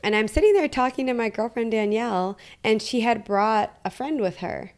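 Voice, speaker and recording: A woman's voice: a little high, lively intonation, normal speed, darkish tone. A woman from Detroit hosting a podcast, telling a personal story in casual conversation and quoting her own inner dialogue with animation. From Detroit, USA. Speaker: podcast host.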